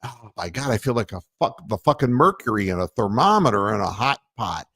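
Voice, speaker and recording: A man's voice: on the low side, sing-song, fairly quick, fairly bright tone, husky, no echo, studio quality. An older man hosting a casual sports radio show, rambling and profane, poking fun at himself. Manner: rambling, profane, self-mocking.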